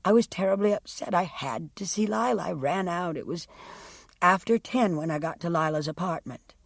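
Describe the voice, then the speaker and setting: A woman voicing a young woman testifying about her sister in an audiobook, speaking quietly and haltingly. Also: on the low side, creaky, dry recording, studio quality. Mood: shaken. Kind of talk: audiobook character reading.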